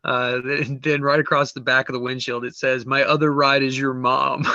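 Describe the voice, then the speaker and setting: A man's voice: mid-range voice, level tone, normal speed, pushed and bright, no echo. A man co-hosting a casual show, describing pictures and reading their captions aloud, often giggling. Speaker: co-host. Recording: dull lo-fi call audio, dry.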